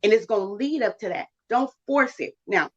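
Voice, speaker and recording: Woman guest, preachy and emphatic, high-ish voice, dull lo-fi recording. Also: lively intonation, brisk. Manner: preachy, emphatic, swinging pitch. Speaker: guest speaker. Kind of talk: casual preachy chat.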